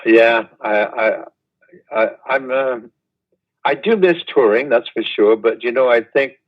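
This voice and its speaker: An older man, a guest reminiscing in an unhurried, rambling way over a video call. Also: mid-range voice, lo-fi sound. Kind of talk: casual interview chat.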